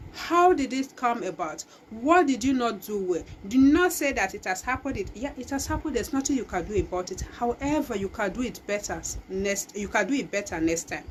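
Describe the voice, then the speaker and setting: A woman's voice: a little high, poor audio. Woman hosting a pep talk, emphatic and pushy, lots of restarts, a bit of background hiss. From Nigeria. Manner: emphatic, exhorting, with many restarts. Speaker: talk show host. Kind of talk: motivational talk.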